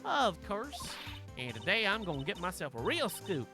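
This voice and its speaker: A man's voice: high-pitched, moderate pace, music in the background, voice pushed up, heavily acted. A man voicing a brash, folksy Southern woman photographer in a video game, with an American Southern accent. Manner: loud, folksy, excitable.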